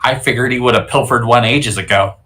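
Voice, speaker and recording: A man's voice: medium pitch, a little fast, bright, forceful tone. A man playing a character in a tabletop game, talking in a wry, matter-of-fact way over an online call. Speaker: player. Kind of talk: casual tabletop play.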